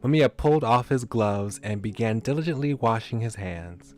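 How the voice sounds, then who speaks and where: A man's voice: lowish voice, expressive, normal speed, darkish tone, soft background music. A man reading a visual novel aloud, chatty and self-deprecating, his voice getting scratchy. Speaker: streamer.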